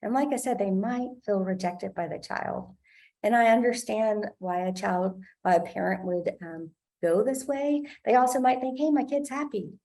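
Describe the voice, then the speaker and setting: A woman giving an instructional talk to parents about play, explaining clearly and acting out what parents say. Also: mid-range voice, moderate pace, a little mellow. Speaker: parent trainer. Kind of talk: instructional presentation.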